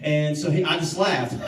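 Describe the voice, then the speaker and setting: Animated high-voiced young preacher, echoey room. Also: male voice, takes it slowly. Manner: animated, jokey, acts out quotes, banters with the crowd. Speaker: youth pastor. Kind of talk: storytelling sermon. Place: youth service room. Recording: echoey room, mic at a distance.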